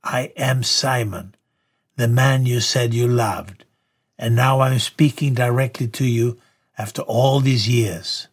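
Man doing a deep aggrieved male lover, husky, slow, pleading, storybook reading. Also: steady tone. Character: man Simon speaking through a woman, deep and aggrieved.

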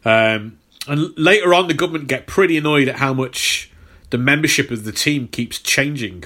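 A bright, forceful-sounding man co-hosting a podcast. He talks in easygoing chat and rambles through explanations with lots of ums and restarted words. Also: mid-range voice, moderate pace. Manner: rambling, filler-heavy, repeats words. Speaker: podcast co-host. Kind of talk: casual chat.

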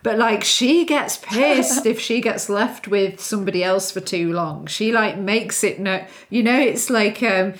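A woman's voice: mid-range voice, unhurried, few pauses. A woman hosting an interview, chatty and asking leading questions. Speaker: podcast host. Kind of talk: interview conversation.

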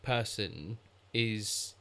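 A man's voice: on the low side, drawn-out words, gravelly, bright, forceful tone, clear, resonant tone. A man co-hosting a film review podcast, talking in an analytical, rambling way. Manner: analytical, rambling with many "like" fillers. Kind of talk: casual film review chat.

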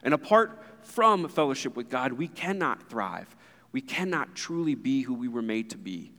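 Speaking at normal speed with big swings in pitch, a thirtysomething pastor preaches in a church sanctuary, his medium-pitched voice pushed and bright. He's earnest and conversational, adding asides to the congregation, while the hall's long reverb lingers.

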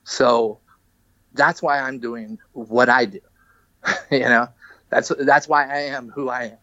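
Halting, emotional man telling his story. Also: medium pitch, fairly even intonation, pushed and bright, no room sound, highs cut off. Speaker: guest, musician. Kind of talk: candid podcast interview. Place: podcast studio.

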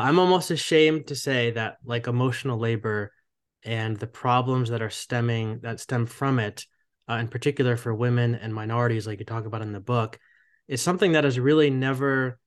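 A man hosting a podcast, interviewing a guest in a friendly, earnest way with frequent fillers. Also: medium pitch. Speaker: podcast host.

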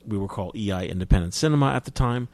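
A man's voice: fairly low pitch, lively intonation, racing, darkish tone. A man from New Jersey telling stories as an interview guest, chatty, with frequent restarts. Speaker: guest, film distributor. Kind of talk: casual interview storytelling.

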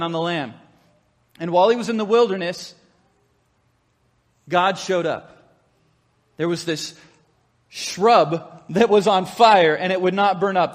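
A man preaching a sermon to his congregation, telling a story in a lively, conversational way. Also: sits high. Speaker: pastor. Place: church sanctuary. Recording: long hall reverb.

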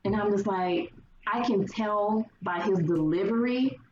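A woman guest in casual conversation, telling her stories lively and acting out the people she quotes. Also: medium pitch, unhurried. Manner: animated storyteller acting out quoted voices. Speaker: podcast guest. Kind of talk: casual chat. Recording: roomy, distant, dull sound with faint hiss.

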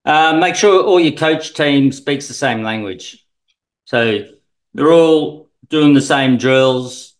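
A man's voice: mid-range voice, lively intonation, slow pace, poor audio. Rambling swim coach, man. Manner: rambling, many fillers and restarts. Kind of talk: casual podcast chat.

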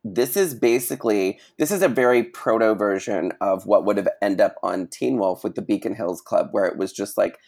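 Low, gravelly-voiced man chatting casually. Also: moderate pace, few pauses. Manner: rambling, filler-heavy, animated asides. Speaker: podcast co-host. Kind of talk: casual chat.

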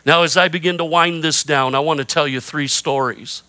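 A man's voice: on the high side, steady tone, normal speed, sharp tone. A middle-aged man preaching a sermon as pastor, emphatic, calling for amens, mixing self-deprecating humor with repeated rallying phrases. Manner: emphatic preaching with call-and-response prompts.

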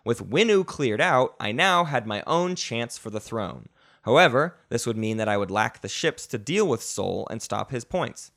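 A man's voice: medium pitch, animated, normal speed, creaky, fairly bright tone. A man hosting a podcast, recounting a board game session in dramatic storytelling style and chatting casually. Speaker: podcast host.

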